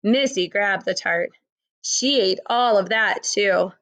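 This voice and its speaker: A woman with a mid-range voice reads a children's picture book aloud. She tells the story slowly and expressively.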